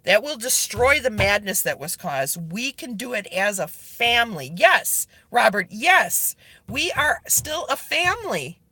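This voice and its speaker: A woman's voice: on the high side, sing-song, measured pace, bright, forceful tone, husky, no echo. A woman livestreaming to her online group, talking earnestly and pleading directly with her viewers as she answers their comments. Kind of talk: casual live video chat, reading viewer comments.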